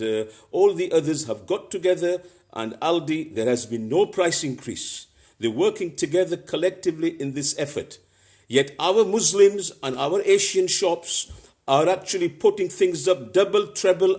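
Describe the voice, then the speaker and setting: A man's voice: a little high, darkish tone. Earnest man making a public appeal. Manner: earnest, admonishing, deliberate. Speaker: community spokesman.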